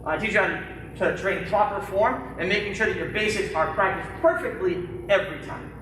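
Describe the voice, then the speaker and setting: A martial arts instructor teaching a live-streamed kids' class in a studio, calling out sharp commands and joking between drills. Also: medium pitch, brisk, distant mic, a little hiss or hum. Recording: very echoey studio heard from afar.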